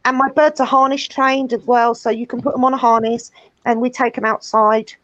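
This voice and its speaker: A woman's voice: fairly high pitch, steady tone, a little fast, a bit bright, no echo, muffled recording. A woman hosting a casual chat, talking at length in a rambling, chatty way. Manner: chatty, rambling, fond of birds. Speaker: host.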